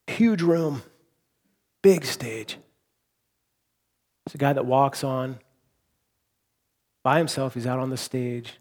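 A man preaching a sermon as pastor, earnest, rising to impassioned repeated phrases and dropping to quiet reflection. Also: medium pitch. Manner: drops to quiet, soft delivery for reflective points.

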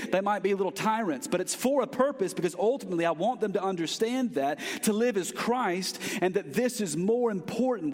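A man from the United States preaching a sermon as pastor, earnest and emphatic, repeating key phrases for stress. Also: medium pitch. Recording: long reverb of a large hall.

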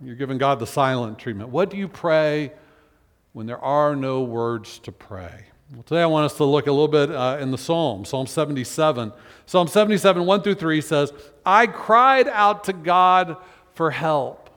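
A man's voice: medium pitch, expressive, moderate pace. A man preaching a sermon as senior pastor, talking to his congregation in a loose, conversational way with frequent restarts and fillers. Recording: church hall with long reverb.

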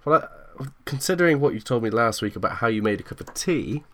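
A woman's voice: a bass voice, animated, fairly bright tone. A woman co-hosting a casual chat, teasing dryly and laughing often. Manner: dry teasing, quick to laugh. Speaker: podcast co-host.

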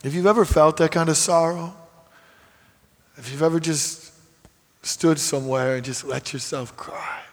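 Guy preaching, earnest, goes quiet then builds up loud, slightly high voice, big echoey hall. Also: unhurried, pauses often. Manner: earnest, swings from hushed to emphatic. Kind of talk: sermon. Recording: long hall reverb.

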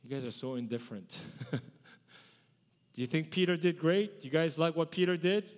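High-voiced pastor preaching in a reverberant hall. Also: male voice, moderate pace, darkish tone. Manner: conversational, asks the congregation questions. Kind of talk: sermon. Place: church sanctuary. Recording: long church hall reverb.

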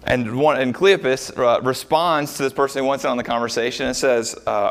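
A man preaching a sermon as a pastor, talking through the verses with rhetorical questions and frequent pauses. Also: medium pitch, fairly even intonation, a bit bright.

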